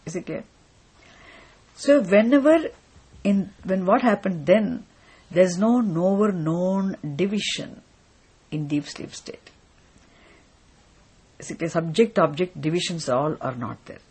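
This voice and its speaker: A teacher giving a philosophy lecture in a deliberate way, often stopping to check that listeners follow. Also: mid-range voice, expressive, a little mellow, slightly rough. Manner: deliberate, repeatedly checks understanding. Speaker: spiritual teacher.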